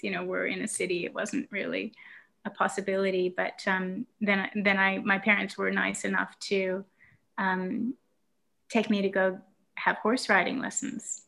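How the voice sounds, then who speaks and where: A woman's voice: mid-range voice, gravelly, sharp tone. A woman casually telling a reflective childhood story in conversation, with fillers and restarts, from the United States.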